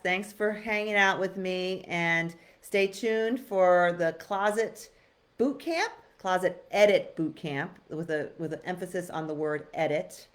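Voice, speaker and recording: A middle-aged woman hosting a casual live stream, giving chatty, frank advice with many restarts. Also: on the low side. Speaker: host.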